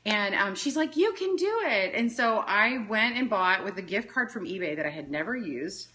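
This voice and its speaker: A woman's voice: medium pitch, moderate pace, sharp tone. A woman from Texas telling a rambling story in a casual livestream chat, jumping from tangent to tangent. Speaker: interview guest. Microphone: phone livestream.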